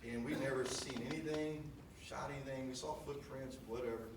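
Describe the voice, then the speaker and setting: The eulogy comes from a son at a memorial, who tells a brisk, folksy, wandering tale stuffed with filler words. His voice sits mid-range, distant and echoing, with a steady hum of noise in the room.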